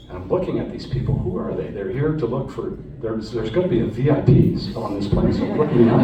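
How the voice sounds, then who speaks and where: Speaking briskly in a lowish voice, a Canadian man recounts being held captive, talking to a live audience in an earnest, conversational style full of restarts. The personal storytelling talk was recorded on a phone from the audience, sounding distant and echoey in a hall, with background noise.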